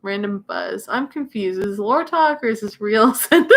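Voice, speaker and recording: A woman's voice: mid-range voice, animated, normal speed, vocal fry, hardly any pauses. A young woman hosting a casual livestream, chatting and teasing her viewers and laughing often. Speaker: livestream host. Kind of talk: casual livestream chat reading comments.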